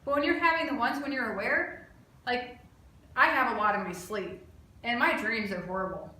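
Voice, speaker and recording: A woman's voice: fairly high pitch, moderate pace, sharp tone. Earnest woman in a very echoey room. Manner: earnest and emphatic, conversational. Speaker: restaurant server sharing her experience with epilepsy. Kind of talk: personal awareness vlog. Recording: very echoey room, faint background noise.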